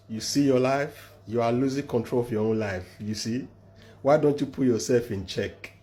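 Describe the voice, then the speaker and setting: A man's voice: medium pitch, warm tone. A man lecturing viewers in a scolding monologue, repeating phrases for stress. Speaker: commentator. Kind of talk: opinion monologue to camera.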